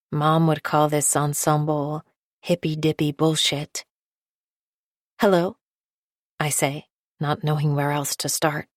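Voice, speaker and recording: Brief: female audiobook narrator, low and even, restrained first-person delivery, dry studio sound. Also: dry recording.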